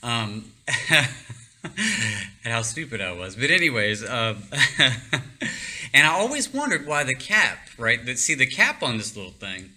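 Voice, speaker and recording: An excitable man spins a personal story in a loose, rambling way, full of fillers and restarts. His voice is very bright and sharp-edged, and he often breaks into laughter. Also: mid-range voice, slow pace, pauses often. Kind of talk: casual storytelling.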